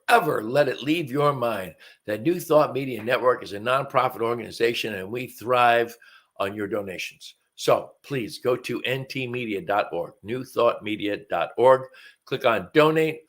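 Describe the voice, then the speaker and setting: A man in his seventies hosting a live stream, talking in an earnest, folksy way with fillers and restarts, a bit sniffly from allergies. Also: fairly low pitch. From North Carolina. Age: 70s. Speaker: host. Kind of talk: casual talk on a live stream. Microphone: webcam live stream.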